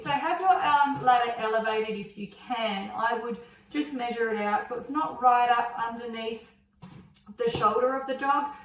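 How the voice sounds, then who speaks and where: A woman's voice: fairly high pitch, slight background noise. A woman teaching dog training, praising and encouraging her dog between explanations to the viewer. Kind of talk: instructional dog training video. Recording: echoey, distant camera sound.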